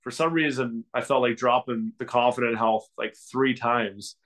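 A man's voice: medium pitch, steady tone, moderate pace, a bit bright. A man co-hosts a podcast in easygoing conversation. He rambles, circling back and restarting his sentences, with filler words throughout. His voice sits in a medium register. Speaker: podcast co-host. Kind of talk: casual chat.

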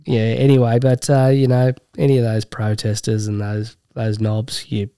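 A man's voice: medium pitch, level tone, normal speed, warm tone, clean tone, no echo, clean studio sound. An Australian man co-hosting a sports podcast in casual banter, blunt and swearing freely. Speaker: podcast co-host.

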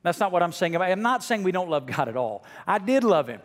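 A middle-aged male pastor preaching a sermon to his congregation, dropping to a hush and then rising almost to a shout. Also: high-pitched, big pitch swings, a little fast, big-room sound. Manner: swings from hushed to near shouting. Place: church sanctuary.

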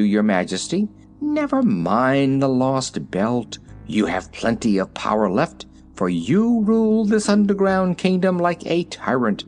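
A fat, timid gnome steward speaks humbly to his master, voiced by a man reading aloud. His lines rise a little higher and bounce with a lively lilt. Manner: meek and deferential.

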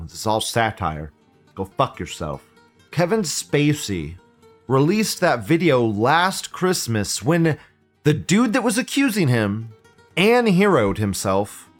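Animated, crude male live-show host. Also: mid-range voice. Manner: profane, mocking, rambling. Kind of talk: casual live commentary.

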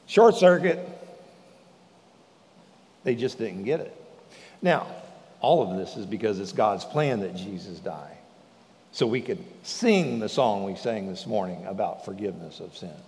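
A male pastor preaching a sermon in a lively way, acting out the lines of the scripture. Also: mid-range voice, big-room sound. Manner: animated preaching, acts out the speakers in the scripture.

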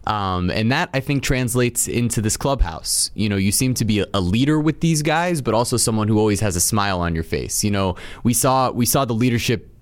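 A man hosting a sports interview, asking friendly, measured questions. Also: on the low side, animated. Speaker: interview host.

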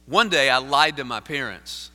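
A man, a pastor preaching a sermon in a church, moving from earnest storytelling to forceful preaching. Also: medium pitch, animated, normal speed. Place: church sanctuary. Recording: live sermon in a reverberant sanctuary.

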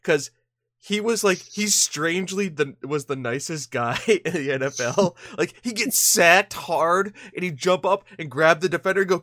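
A man's voice: sits high, moderate pace, fairly bright tone, dry recording, studio quality. A tired man co-hosting a casual podcast. He jokes around, laughs often and restarts his sentences. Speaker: podcast co-host.

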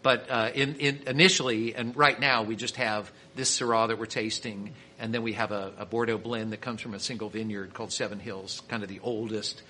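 A man's voice: on the low side, fairly even intonation, brisk, hardly any pauses, pushed and bright, slight background noise. A man from Kansas City, a winery owner and sommelier, telling stories as a podcast guest in a chatty way with many restarts. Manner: chatty storyteller with frequent restarts. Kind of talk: casual storytelling interview.

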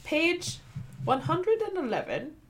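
A woman with a Midwestern accent, chatting casually as a co-host of a book discussion, rambling and animated, swearing and laughing often. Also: extremely high pitch, slow pace. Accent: Midwestern American.

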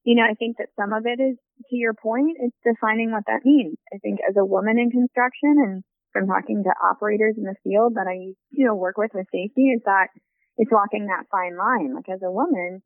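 A woman's voice: mid-range voice, dry recording. A woman working in construction safety, answering interview questions in an earnest, reflective way. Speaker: safety professional in construction, guest. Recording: dry tinny phone-like line.

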